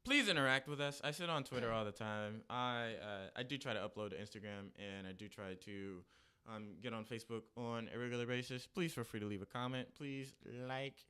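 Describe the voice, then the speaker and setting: A man co-hosting a casual sports podcast, chatty and quick to laugh. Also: mid-range voice, bright, forceful tone, clear, resonant tone. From Indianapolis area. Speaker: podcast co-host.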